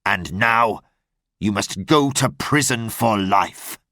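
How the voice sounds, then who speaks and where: A man's voice: lowish voice, animated, slow, sharp tone, no room sound, clean studio sound, exaggerated voice. A man voicing a harsh police inspector who gives cold orders. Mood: stern. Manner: cold, commanding.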